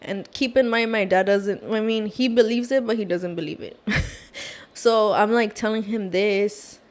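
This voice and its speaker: A woman's voice: medium pitch, normal speed. A woman guest on a podcast, telling a personal story casually, with lots of "like" and "oh my gosh". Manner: animated, fillers like "like" and "oh my gosh".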